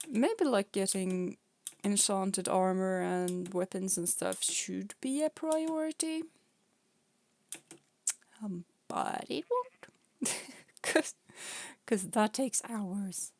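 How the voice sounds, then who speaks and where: Chatty young woman with a gravelly edge. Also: mid-range voice, expressive, extremely slow, long pauses, darkish tone. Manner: chatty, playful, scolds her pet cats, often laughs and babbles. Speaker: vtuber streamer. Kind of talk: casual game stream chat.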